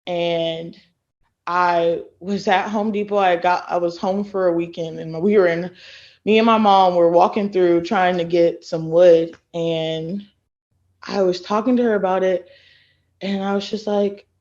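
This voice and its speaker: A woman in her late twenties from Texas, a podcast guest who tells stories in a lively way and acts out what others said. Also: on the low side, measured pace. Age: late 20s. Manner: animated storyteller who acts out quoted people. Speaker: guest, former college thrower. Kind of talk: casual podcast interview. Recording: dull lo-fi sound.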